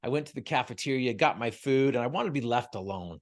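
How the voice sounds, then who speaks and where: A man's voice: mid-range voice, lively intonation, quick pace. A man, a guest on an interview show, telling a personal story in an earnest, emotional way with frequent stumbles and repeated words. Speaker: guest, motivational speaker. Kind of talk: heartfelt storytelling.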